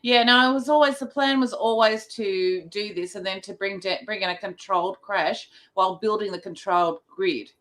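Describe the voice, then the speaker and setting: A woman speaking as a guest in a casual chat, pausing often to search for words. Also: medium pitch, a bit bright.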